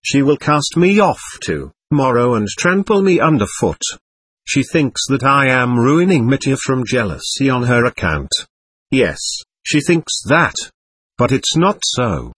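A man voicing a feverish, delirious young man who rambles in an agitated, brooding way, with a husky voice. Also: medium pitch, big pitch swings, measured pace, a bit bright, no room sound, full character voice.

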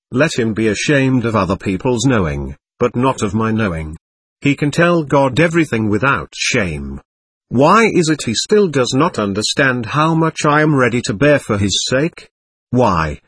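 A man's voice: medium pitch, fairly bright tone, husky, no echo, exaggerated voice. A man voicing a proud, passionate young woman in a storybook reading, pleading and intense. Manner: impassioned, pleading questions.

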